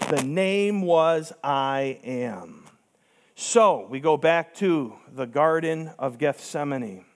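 A high-voiced pastor delivers a sermon with emphatic preaching, asking rhetorical questions and acting out the voices of the people he quotes.

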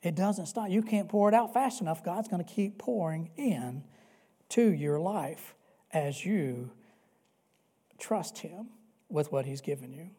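Male pastor, sermon delivery, warm mellow tone, earnest, repeats key phrases, dynamic from hush to loud. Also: high-pitched, lively intonation, unhurried, husky. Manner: swings between loud emphatic peaks and soft hushed stretches.

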